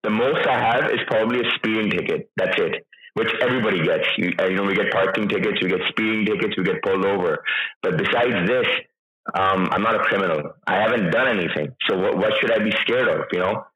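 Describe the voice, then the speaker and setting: Guy in his 30s telling his story, low voice, keeps restarting, roomy dull audio. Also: a little fast. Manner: emotional, hesitant storytelling with many restarts. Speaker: interview guest. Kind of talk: personal account in an interview.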